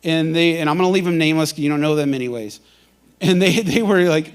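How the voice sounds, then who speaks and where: A male pastor delivers a sermon in a church, his voice a touch higher than most men's. He tells his story with energy and acts out the people he quotes. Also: fast, clear, resonant tone.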